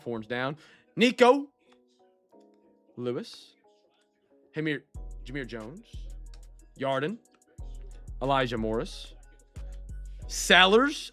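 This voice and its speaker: A man's voice: mid-range voice, pushed and bright. A man hosting a live-streamed trading card break, chatting casually with viewers and reading out player names as he goes.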